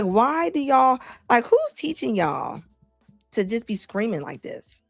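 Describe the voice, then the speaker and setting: A woman's voice: medium pitch, dry recording, studio quality. A woman hosting a casual livestream commentary, chatty, reading viewer comments aloud and laughing often. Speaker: commentary channel host.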